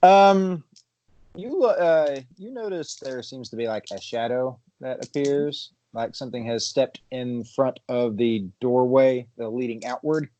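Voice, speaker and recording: A man narrating a tabletop horror game as game master, halting and chuckling between his lines. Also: medium pitch, dark tone, no room sound.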